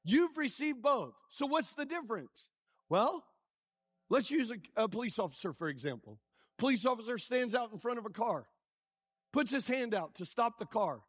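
A male pastor preaching a sermon with lively call-and-response, quizzing the congregation as he goes. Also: very high-pitched, normal speed, breathy edge, no echo, studio quality. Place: church.

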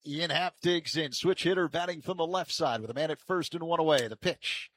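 A man calling baseball play-by-play from a ballpark booth, with measured calls that lift and get louder on each pitch. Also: slight background noise. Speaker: play-by-play announcer.

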